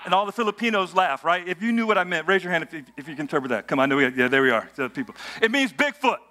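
A man's voice: sits high, expressive, very fast, slight background noise. A man preaching a sermon to a congregation, telling travel stories, asking the crowd questions and building to bursts of praise. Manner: storytelling with audience call-and-response, rising to shouts of praise. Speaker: pastor. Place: church auditorium with congregation.

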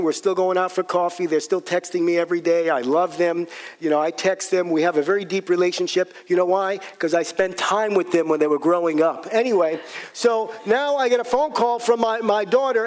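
Animated high-voiced male preacher. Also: normal speed. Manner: animated storytelling preacher, repeats key lines. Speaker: pastor. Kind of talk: sermon.

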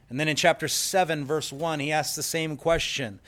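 A man's voice: on the high side, steady tone, fairly quick, hardly any pauses, pushed and bright. A man preaching a sermon in an earnest, emphatic way, explaining scripture and telling stories. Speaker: pastor.

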